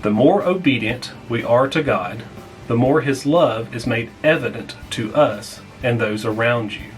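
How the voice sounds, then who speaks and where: A man serving as pastor, leading a small group Bible lesson in a plainspoken way and repeating key points slowly so people can take notes. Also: medium pitch, faint music behind, poor audio. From United States.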